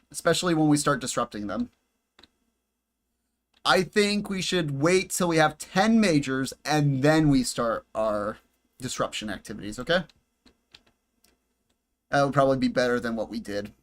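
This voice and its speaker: Pausing often, a man with an expressive mid-range voice at normal speed streams a game live from home, speaking into a headset. He's chatty and jokey, addressing both his viewers and himself, in a room with air conditioning and bright lights.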